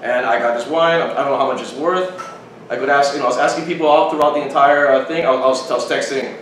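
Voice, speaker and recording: A man's voice: medium pitch, steady tone, fast talker, a bit bright. A man hosting a podcast, telling a long story in rambling casual chat with frequent restarts. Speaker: podcast host. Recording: very echoey room, distant mic, faint noise.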